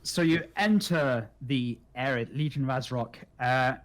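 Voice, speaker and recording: Man game master narrating haltingly. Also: mid-range voice. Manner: halting, full of fillers and restarts.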